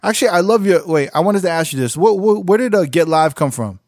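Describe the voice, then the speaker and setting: A man's voice: high voice, animated, quick pace, a little mellow, dry recording, studio quality. A man hosting a podcast, chatting loosely, laughing and swearing as he tells stories. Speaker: podcast host. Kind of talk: casual chat.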